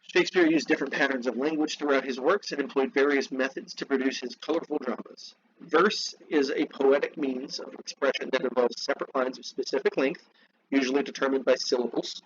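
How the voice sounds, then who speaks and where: A man teaching a literature class, reading from a text and breaking off into slow, repeated explanations and asides to his students. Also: medium pitch, steady tone, highs cut off, background noise. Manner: slows down to spell out terms, asides to students.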